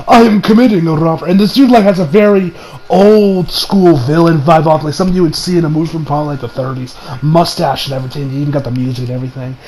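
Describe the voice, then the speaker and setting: High-voiced young man reviewing anime. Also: fast, slight background noise, rough recording. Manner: animated, slangy, laughs often. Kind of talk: casual episode review.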